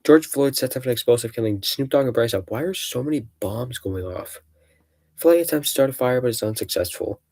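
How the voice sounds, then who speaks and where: A man's voice: mid-range voice, animated, fairly quick, darkish tone. A man streaming casually, out of breath, reading game events aloud with rambling, jokey asides.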